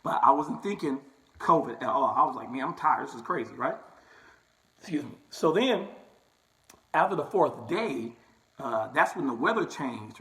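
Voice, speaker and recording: A man's voice: on the high side, a bit bright, low-quality recording. A young barber talking casually to his viewers, telling a personal story and checking in with "right?" and "okay?" as he goes. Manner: chatty, repeats "right?" and "okay?" often. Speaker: barber and vlogger.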